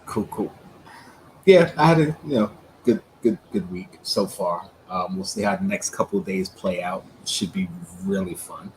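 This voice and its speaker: A man's voice: low voice, moderate pace, a little hiss or hum, low-quality recording. Laid-back man chatting with frequent laughs. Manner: laughs often, relaxed and chatty. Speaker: livestream co-host. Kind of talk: casual chat. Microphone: streaming video call.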